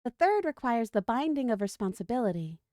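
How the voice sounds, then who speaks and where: A woman reading a story aloud, voicing a calm, wry male desert snake who speaks in a matter-of-fact, joking way. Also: on the high side, fairly quick, dry recording, clean studio sound. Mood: explaining.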